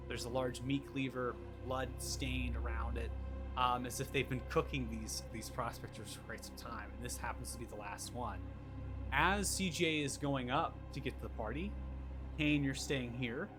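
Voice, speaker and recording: A man's voice: mid-range voice, moderate pace. Man narrating as game master over music. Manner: relaxed, descriptive, with fillers. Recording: background music.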